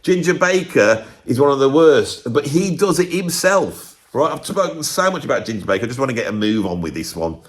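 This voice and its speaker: Fairly quick and barely pausing, this drummer's mid-range voice swings widely in pitch. He hosts his own video with a casual, opinionated monologue, rambling bluntly and at times arguing with himself.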